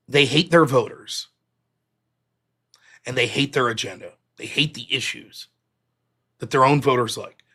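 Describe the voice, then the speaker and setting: A man's voice: a little high, pushed and bright. A man hosting a political show, ranting with heated sarcasm and plenty of profanity to a live chat. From United States. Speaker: political talk show host. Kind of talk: livestream political rant.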